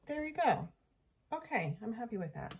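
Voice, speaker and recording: A woman narrating a casual home crafting vlog, thinking aloud as she works and keeping her voice hushed so a napping child won't wake. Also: fairly high pitch, sing-song, moderate pace, slight background noise. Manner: thinking aloud while working with her hands. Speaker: home decor vlogger.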